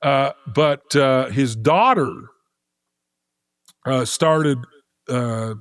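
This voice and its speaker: A middle-aged man chats as a guest, telling a long story casually and animatedly, stopping and restarting his sentences as he thinks aloud. His voice sits at an ordinary male pitch. The sound is dry and close, with no room echo. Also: very slow, fairly bright tone. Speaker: podcast guest.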